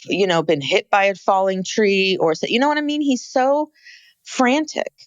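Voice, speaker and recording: A woman's voice: medium pitch, moderate pace, dry recording, dull audio. A woman co-hosting a podcast, chatting casually and animatedly as she recaps a reality show. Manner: animated, exclaims about frantic scenes. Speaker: podcast co-host.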